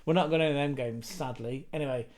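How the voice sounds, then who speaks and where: A man's voice: medium pitch, a little fast, darkish tone. A man from England chatting casually to camera about football, swearing freely and wandering into rambling asides. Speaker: football vlogger.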